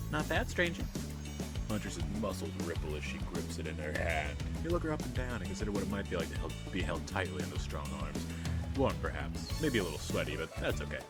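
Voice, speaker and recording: Deep-voiced man reading a game aloud. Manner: wry, self-deprecating asides. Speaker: gamer reading a dating sim aloud. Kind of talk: let's play reading and commentary. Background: game music.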